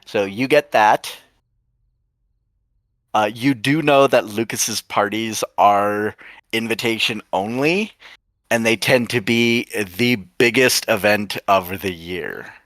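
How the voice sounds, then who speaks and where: Low-voiced male game master. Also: slow pace, fairly bright tone, no echo. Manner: laughs often, self-deprecating. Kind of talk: running a tabletop game.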